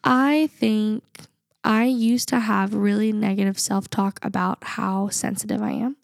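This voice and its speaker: A woman's voice: medium pitch, fairly even intonation, measured pace, vocal fry, no room sound, clean studio sound. A young adult woman co-hosting a podcast, talking in an earnest, reflective way and laughing often. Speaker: podcast co-host. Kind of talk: casual podcast chat.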